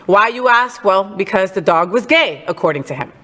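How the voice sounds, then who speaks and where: A woman's voice: medium pitch, lively intonation, moderate pace, sharp tone, in a large hall. A woman hosting a casual entertainment news chat, sassy and outspoken. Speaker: host.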